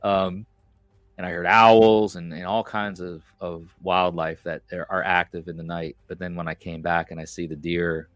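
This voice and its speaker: A man with a very low voice tells a story in a loose, rambling way, full of fillers. He sounds close to the mic, in a dry room. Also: level tone, moderate pace, fairly bright tone, no room sound. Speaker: podcast host. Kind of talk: casual conversation.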